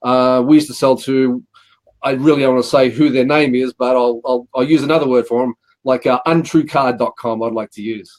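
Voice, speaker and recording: A man's voice: mid-range voice, fairly even intonation, brisk, darkish tone. A middle-aged Australian man, a guest telling rambling anecdotes about his work and acting out what people said. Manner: rambling anecdotes with acted-out quotes and repeated "he says". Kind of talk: casual interview storytelling.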